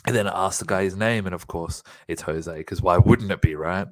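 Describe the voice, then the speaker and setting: A man's voice: sits low, normal speed. A man co-hosting a podcast, giving a profane, laughing play-by-play recap in casual chat. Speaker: podcast co-host.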